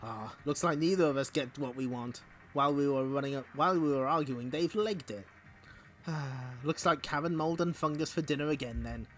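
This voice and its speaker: A man's voice: a little high, moderate pace, a bit bright, soft background music, lightly acted. A man voicing a greedy, blustery male cave spider who grumbles. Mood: grumbling.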